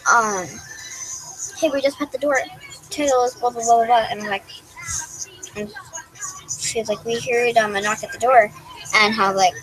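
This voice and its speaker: A woman's voice: fairly high pitch, steady tone, moderate pace, long pauses, a bit bright, faint music behind, low-quality recording. A young woman vlogger rambling through a story to camera in a casual, giggly way, full of restarts and "like".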